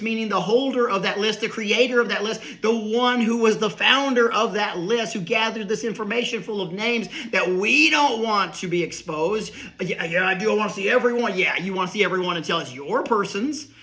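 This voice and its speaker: Middle-aged male comic, high bright voice, rambling riffs and asides. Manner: rambling, riffing, quick asides. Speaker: comedian and speaker. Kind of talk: comedic monologue.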